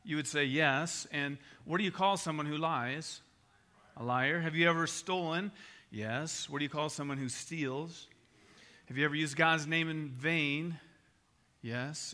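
Animated male pastor telling stories. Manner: animated storyteller, voice rising high for punchlines. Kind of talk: sermon with personal stories.

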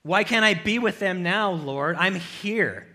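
Brief: male preacher playing an anguished psalmist, loud raised pleas, bright and sharp. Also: high voice, lively intonation, measured pace, voice pushed up, heavily acted. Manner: pleading, loud outcries.

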